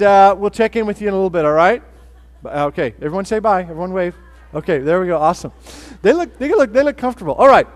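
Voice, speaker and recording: A man preaching a sermon as pastor, in a casual, joking way with fillers and restarts. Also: high-pitched. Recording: long hall reverb.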